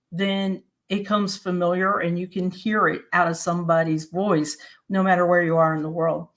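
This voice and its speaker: A woman from Maryland and West Virginia giving an explanatory presentation in a steady, plain-spoken teaching manner. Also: lowish voice. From Maryland and West Virginia, USA.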